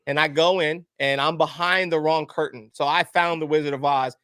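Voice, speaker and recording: A man's voice: fairly high pitch, normal speed, smooth, dry recording, clean studio sound. A man, a podcast guest telling a personal story candidly and acting out the other voices. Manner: candid, animated storyteller, acts out quoted voices. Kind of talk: emotional storytelling interview.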